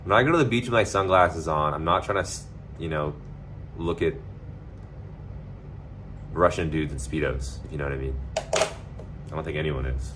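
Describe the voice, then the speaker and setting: A man's voice: a bass voice, normal speed, pauses often, fairly bright tone, slight background noise. A man chatting casually to his livestream viewers, rambling and swearing freely, with lots of filler words. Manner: rambling, loose and profane, full of filler words.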